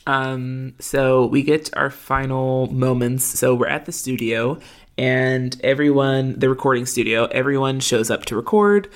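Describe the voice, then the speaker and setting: A woman's voice: extremely low pitch, steady tone, measured pace. A woman co-hosting a casual recap chat, with lots of fillers and frequent laughs. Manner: filler-heavy, laughs often. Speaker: podcast co-host.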